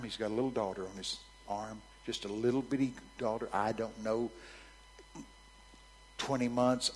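A man's voice: medium pitch, a little hiss or hum, low-quality recording. Frank preacher man, dramatic volume swings. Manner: swings between soft near-whispers and loud emphatic bursts; frank, conversational, vivid storytelling. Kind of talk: sermon with dramatic storytelling.

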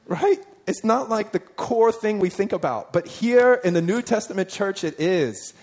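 A man delivers a sermon in a fairly high voice, talking to his listeners as if in conversation. He keeps asking them questions and reads scripture passages aloud with emphasis. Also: animated, moderate pace, few pauses, darkish tone. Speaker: preacher.

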